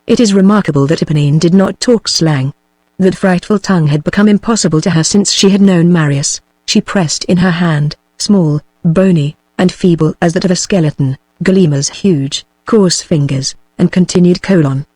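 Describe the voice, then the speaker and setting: A text-to-speech woman with a British English accent narrating a novel in an even machine reading, saying punctuation marks aloud. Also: lowish voice, moderate pace, no room sound. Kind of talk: synthetic audiobook narration.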